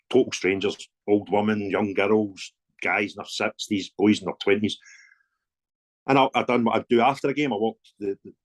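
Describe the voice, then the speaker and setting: Scottish male fan campaigner, chatty storyteller, animated delivery. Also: lowish voice. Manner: animated anecdotes with voiced dialogue and laughs. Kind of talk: casual storytelling interview.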